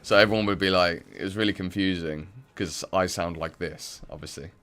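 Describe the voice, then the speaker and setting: A man's voice: deep voice, brisk, fairly bright tone. A young English man from the Midlands chatting casually and rambling with many fillers while he plays a game on stream. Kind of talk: casual chat while playing.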